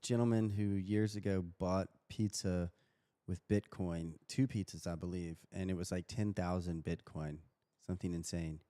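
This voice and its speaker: A man's voice: deep voice, fairly even intonation, normal speed, warm tone. A man co-hosting a casual livestream chat, laid-back and rambling, hedging his points. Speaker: podcast co-host.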